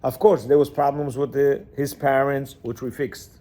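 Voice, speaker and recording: A man's voice: medium pitch, moderate pace. A man giving an informal, emphatic lecture on marriage to a class of men, repeating himself and often checking that they understand. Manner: repetitive, keeps asking "you understand?"; emphatic, lively, acts out quotes.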